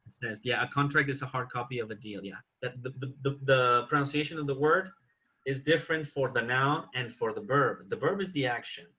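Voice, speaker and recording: Bright-voiced man teaching an online English class. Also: mid-range voice, fairly quick, lo-fi sound. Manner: patient, correcting students.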